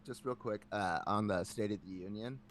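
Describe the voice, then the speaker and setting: A man hosting a casual podcast, ranting in an animated way with lots of filler words. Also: on the low side, moderate pace, slight background noise. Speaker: podcast host.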